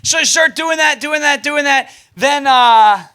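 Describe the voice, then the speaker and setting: High, bright, excitable male storyteller. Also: measured pace. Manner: animated, excitable, laughs while telling. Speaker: comedic speaker. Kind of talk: live comedic storytelling.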